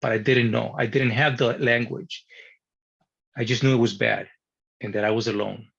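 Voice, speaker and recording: Animated man telling a story, husky. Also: medium pitch, moderate pace. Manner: animated, swearing, acting out his younger self. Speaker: guest. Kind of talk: personal storytelling. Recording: dull lo-fi sound.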